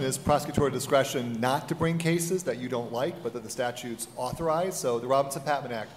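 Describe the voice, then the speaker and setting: A man on a panel adding a point in an animated way. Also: medium pitch, fairly quick, hardly any pauses. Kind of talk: panel discussion. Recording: reverberant hall.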